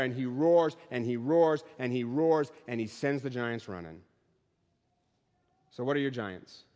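A man delivers a sermon from the pulpit and builds his points through rhythmic repetition. His voice sits a little high for a man. It rings with long reverb, as if heard in a large sanctuary. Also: a little mellow. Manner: preaching with rhythmic, rising repetition. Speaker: pastor.

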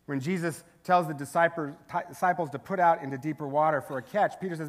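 A male pastor giving a sermon in a relaxed, chatty way, tossing in jokes and quick rhetorical questions. His voice sits a bit higher than most men's. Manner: conversational, humorous, rhetorical asides.

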